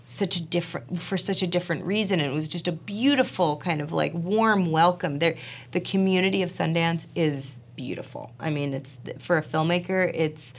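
Gravelly, low-voiced woman telling a story. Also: normal speed, a little hiss or hum. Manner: animated, chatty, full of fillers and quoted asides. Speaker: actor and film director. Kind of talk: casual interview storytelling.

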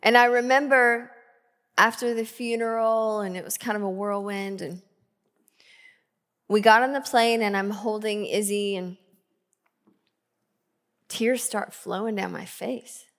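A woman's voice: mid-range voice, steady tone, unhurried, pauses often. A woman in her thirties, a pastor, preaching a sermon in a church, reading scripture with emphasis and telling personal stories in a conversational way. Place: church sanctuary. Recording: reverberant hall with soft band music. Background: soft band music.

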